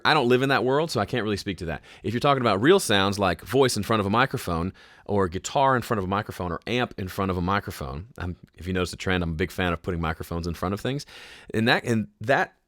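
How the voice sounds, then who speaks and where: A man hosting a casual live question-and-answer podcast, with a smooth, polished speaking voice and a relaxed, conversational way of explaining. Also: fairly low pitch, quick pace, no room sound, studio quality. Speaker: host answering viewer questions. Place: home studio.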